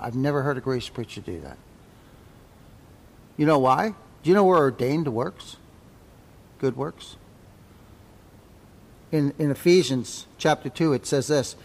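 A man's voice: medium pitch, lively intonation, unhurried, gravelly, pauses often, big-room sound. A man teaching a Sunday school Bible class in a folksy, conversational way, repeating key phrases and checking in with "right?".

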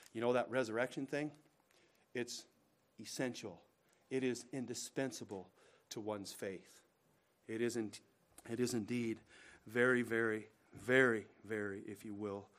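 Man preaching in dramatic loud-soft swings. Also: mid-range voice. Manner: dramatic swings from loud emphatic bursts to hushed, slow asides; addresses listeners directly with rhetorical questions. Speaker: pastor. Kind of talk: preaching a sermon.

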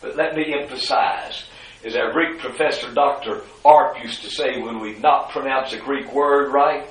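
Man preaching, echoey room. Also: normal speed. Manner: swings from hushed asides to loud, high-pitched preaching. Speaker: pastor. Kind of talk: sermon.

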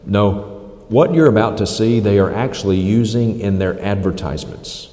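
A man's voice: lowish voice, moderate pace, mellow. A man preaching a critical sermon, emphatic and repeating phrases for stress. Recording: echoey hall reverb.

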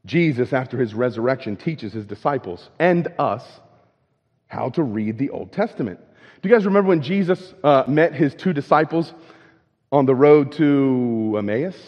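A man's voice: mid-range voice, expressive, moderate pace. A man preaching a sermon in a conversational way. He keeps checking in with "right?", and he repeats and restarts words as he goes. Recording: dull lo-fi with long hall reverb.

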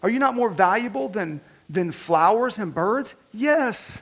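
Pastor, male, high-pitched and gravelly, conversational sermon delivery with animated quotes. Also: a little slow. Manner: earnest, conversational preaching with animated retold quotes.

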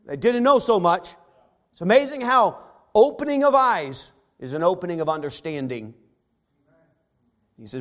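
A man preaching a sermon who reads scripture aloud and then retells it in casual modern words, swinging between soft asides and loud emphatic stretches. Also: a little high, animated, normal speed, pauses often.

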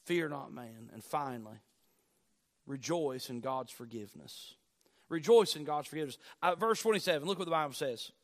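A man with a notably high voice delivers a sermon with dramatic swings, rising to forceful near-shouts and then dropping to low, quiet lines. He hammers home key phrases by repeating them. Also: lively intonation, normal speed. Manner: emphatic preaching, swinging between loud declarations and low, hushed lines. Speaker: pastor.

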